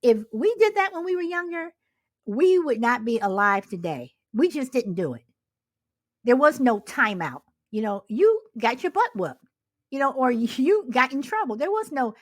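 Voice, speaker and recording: A middle-aged woman co-hosting a casual talk show, telling stories in an animated, exasperated way with rhetorical questions. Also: high voice, normal speed, no room sound. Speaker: podcast co-host. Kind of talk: casual chat.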